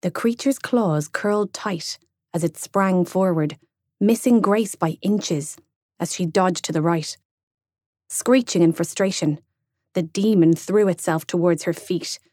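A young adult woman narrating an audiobook in a slow, measured storytelling read. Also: fairly low pitch, a little mellow, no echo, clean studio sound. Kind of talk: scripted narration.

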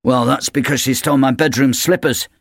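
A man's voice: medium pitch, fairly even intonation, a little fast, creaky, no echo, clean studio sound. A man reading a gloomy, mournful father.

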